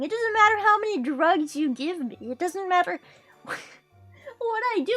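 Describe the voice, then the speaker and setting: A woman's voice: extremely high pitch, lively intonation, normal speed, fairly bright tone, faint music behind. A woman streaming a game, chatting casually, swearing freely and laughing often. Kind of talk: casual gaming stream chat.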